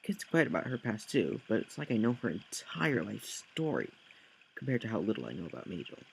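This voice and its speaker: A man's voice: lowish voice, sing-song, brisk, gravelly, a little hiss or hum, poor audio. A man reading a text game aloud, with slips, corrections and jokey asides. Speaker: let's play host.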